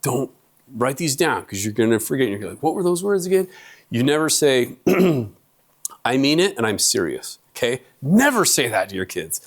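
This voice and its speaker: Animated man telling family stories on stage. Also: medium pitch, normal speed. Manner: animated storyteller, acts out family quotes. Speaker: lecturer. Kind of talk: humorous public lecture. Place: lecture hall.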